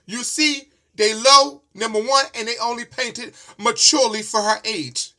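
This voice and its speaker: A man's voice: very high-pitched, fairly even intonation, a little slow, hardly any pauses, bright, forceful tone. A man telling a story in a sassy, emphatic rant full of swearing. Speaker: vlogger.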